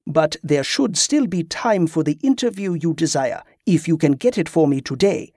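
A composed man of authority speaks in measured, formal sentences and keeps his calm, as a man reading the story plays him. His voice sits close to the reader's own. The audiobook sound is dry and close. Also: on the high side, dry recording.

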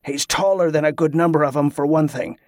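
A man's voice: fairly high pitch, steady tone, fairly quick, darkish tone, no room sound, clean studio sound, lightly acted. A man voicing a brusque, swearing ship captain. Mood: irritable.

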